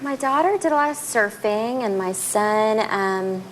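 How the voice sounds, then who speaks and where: A woman's voice: a little high, lively intonation, a little slow, a little hiss or hum. A woman in her thirties from the American South, with a Southern accent, chatting casually and giggling as a guest on a late-night talk show in a television studio. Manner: chatty and giggly, with many fillers. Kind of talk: casual interview chat.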